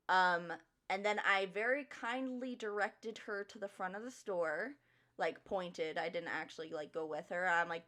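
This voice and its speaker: Drawing as she streams, a young woman tells a work story in a casual, chatty way, swearing frequently and laughing between lines. Her voice sits on the low side, pushed and bright, at a moderate pace.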